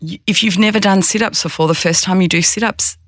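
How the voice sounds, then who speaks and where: A mindfulness coach in casual conversation who explains calmly and sometimes acts out anxious self-talk in quick, higher bursts. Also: no echo, studio quality.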